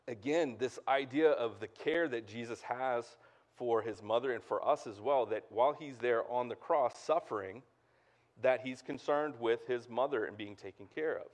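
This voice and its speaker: A man preaching a sermon as pastor in a relaxed, conversational way, full of fillers and asides to the congregation. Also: mid-range voice, moderate pace. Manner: casual and chatty, lots of "like" and "right?".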